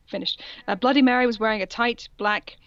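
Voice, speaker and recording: A woman's voice: a little high, moderate pace, fairly bright tone, no room sound. A woman reading fan fiction aloud for a comedy podcast, breaking off for mocking asides and laughter. The recording is dry and a little muffled. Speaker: podcast co-host.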